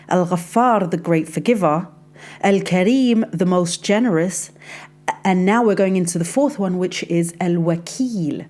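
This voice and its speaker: A woman's voice: mid-range voice, darkish tone. A woman hosting a casual faith podcast, chatty and confiding, talking straight to the listener like a friend. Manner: chatty and confiding, addresses listener as sis, frequent "like". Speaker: podcast host and life coach.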